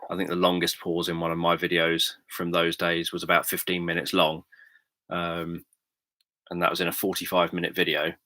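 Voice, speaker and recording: A British man chatting calmly on a livestream, explaining things in a measured, thoughtful way with frequent pauses and ums. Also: sits low, no echo. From Britain. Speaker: livestream host, sleep story narrator. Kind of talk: casual livestream chat.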